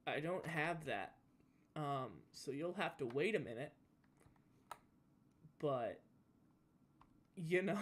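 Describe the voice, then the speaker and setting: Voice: mid-range voice, a little hiss or hum. A young adult with a Southern US accent, chatting casually while playing a game and rambling with lots of restarts. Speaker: gaming YouTuber. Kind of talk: casual chat while gaming.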